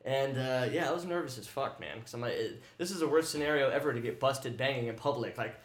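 A man's voice: medium pitch, reverberant. A man hosting a podcast, blunt and joking in crude casual chat. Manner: blunt, joking, fast-talking. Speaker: podcast host.

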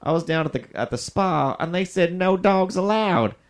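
A man voicing a pushy woman customer, shrill and pleased with herself. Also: expressive, normal speed. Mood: smug.

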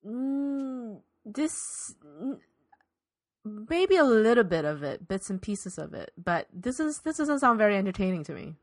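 A woman's voice: on the high side, very animated, unhurried. A woman co-hosting a comedic podcast, talking emphatically and sarcastically and repeating her words for stress. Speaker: podcast co-host.

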